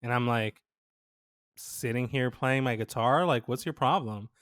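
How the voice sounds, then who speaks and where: A man's voice: mid-range voice, unhurried, dry recording, studio quality. A young man co-hosting a podcast, chatting casually and telling a story with lots of laughter and quoted dialogue. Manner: animated storyteller, laughs often, quotes people. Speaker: podcast co-host. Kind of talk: casual chat.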